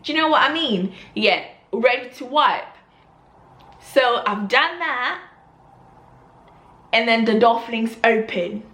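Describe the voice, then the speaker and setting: A young woman vlogger telling an embarrassing story in an animated way, acting out the scene. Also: on the high side, takes it slowly, pauses often, echoey room. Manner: animated storytelling with loud gasping reenactments. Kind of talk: storytime vlog.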